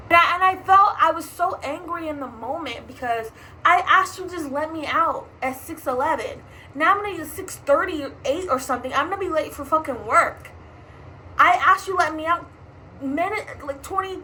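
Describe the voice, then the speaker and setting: A young woman who works as an emergency department tech, telling a story in a fast, exasperated and profane rant. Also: sits high, bright, forceful tone, a little hiss or hum, low-quality recording.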